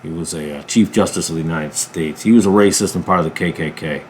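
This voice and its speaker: A man from a ministry channel giving a political commentary monologue, emphatic, jumping from loud bursts to low mutters. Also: fast talker, a little hiss or hum. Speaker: ministry preacher.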